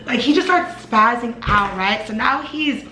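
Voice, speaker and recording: A young woman rattles through a personal story in a fast, chatty storytime style, packed with fillers and asides. Her voice is bright and sits a little high. The room gives it a roomy echo. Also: slight background noise. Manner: fast, animated, lots of fillers. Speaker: vlogger telling a personal story. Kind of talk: casual storytime.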